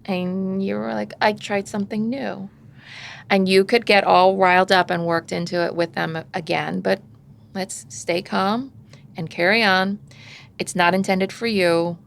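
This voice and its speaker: Gravelly-voiced woman giving parenting advice. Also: mid-range voice, steady tone, a little slow. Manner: conversational, acts out parent and child voices. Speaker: parenting podcast guest expert. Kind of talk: casual advice chat.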